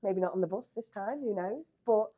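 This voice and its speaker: A woman's voice: mid-range voice, normal speed, warm tone. A woman hosting an interview, asking conversational, encouraging questions. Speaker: host. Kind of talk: podcast interview.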